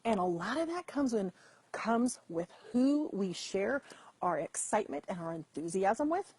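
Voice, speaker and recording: A woman's voice: medium pitch, very animated, measured pace, a little mellow, husky. A middle-aged woman hosting a chatty live stream, talking straight to her viewers over a computer mic. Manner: chatty, repeats and restarts, addresses viewers directly. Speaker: host. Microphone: computer mic over weak internet.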